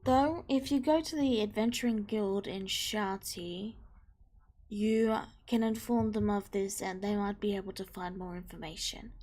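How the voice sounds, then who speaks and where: A helpful male official hands out quests in a tabletop game, voiced by a woman with little change from her own voice. He talks in a plain, informative, unhurried way, at a middling pitch. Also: mellow, close to an everyday voice.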